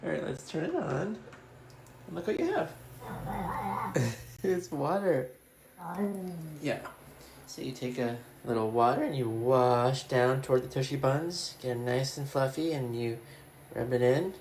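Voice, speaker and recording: A woman's voice: very deep voice, expressive, unhurried, pauses often, a little mellow, slight background noise. A woman talking to her cat at home in playful, teasing baby talk, giggling often. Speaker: pet owner.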